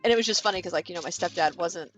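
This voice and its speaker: She speaks in a rapid-fire, lowish voice with a bit of brightness, and faint music plays behind her. A Kansas vlogger in her thirties, she casually chats with viewers while building, rambling through a long story peppered with fillers and swearing.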